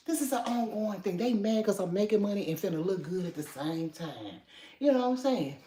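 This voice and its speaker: A woman hosting a casual morning livestream from home, greeting viewers by name and chatting with some sass, now and then dropping to a low voice. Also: animated, normal speed, dark tone, slight background noise. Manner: talks low at times so as not to wake the house. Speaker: livestream host.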